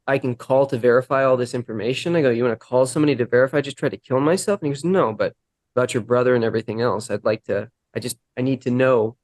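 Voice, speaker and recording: In an interview, a man with a mid-range voice tells his recovery story candidly, earnest and halting, acting out the dialogue he quotes. There's no echo.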